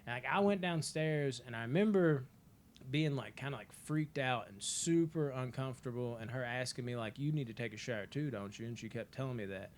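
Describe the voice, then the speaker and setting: A man's voice: medium pitch, a little fast, a little hiss or hum. A man in his twenties, a podcast co-host telling a long story in a casual, rambling way, full of filler words and swearing.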